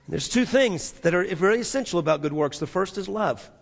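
A male pastor preaching a sermon in a church, swinging from loud, emphatic passages to near-hushed ones. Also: sits high, lively intonation, a little fast, creaky, in a large hall.

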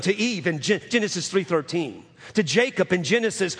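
A middle-aged man preaching a sermon as pastor, earnest and halting, often restarting and slowing down to stress his words. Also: high-pitched, expressive, fairly bright tone, slightly rough, in a large hall. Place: church sanctuary.

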